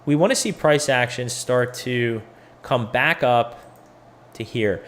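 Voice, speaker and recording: A man's voice: mid-range voice, slow, fairly bright tone. A man hosting a crypto education video, talking through charts in a loose, profane, thinking-aloud way. He sounds tired. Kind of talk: casual chart analysis video.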